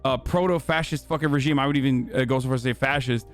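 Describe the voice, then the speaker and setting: A man's voice: medium pitch, steady tone, rapid-fire, faint music behind. A man hosting a livestream, giving heated, profane commentary with lots of fillers. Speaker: livestream host.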